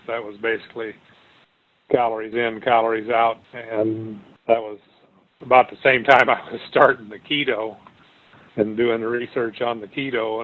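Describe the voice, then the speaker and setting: Guy rambling about his story over a tinny phone-ish line, pretty flat voice. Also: lowish voice. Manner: rambling, many restarts and fillers. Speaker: guest sharing his weight loss story. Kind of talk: casual interview talk.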